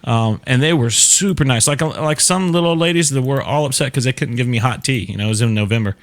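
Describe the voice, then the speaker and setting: A man's voice: medium pitch, quick pace. A man from Florida with a Southern accent, hosting a casual show and answering viewer questions in a rambling, chatty way. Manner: rambling, chatty, laughs often. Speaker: show host.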